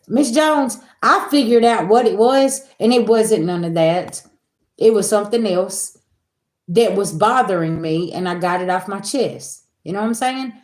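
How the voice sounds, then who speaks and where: Woman, spiritual reader, casual chat with viewers, animated, swears freely, mid-pitched voice, echoey room. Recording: roomy echo.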